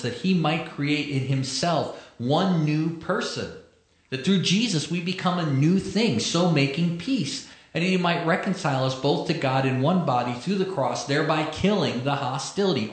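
A man preaching a sermon, reading scripture slowly and explaining it with conversational asides. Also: mid-range voice. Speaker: pastor. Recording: echoey room.

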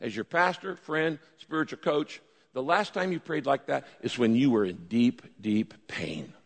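A man preaching a sermon as a pastor, animated, acting out pleading prayers with his voice rising. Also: medium pitch, normal speed. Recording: long reverb of a large hall.

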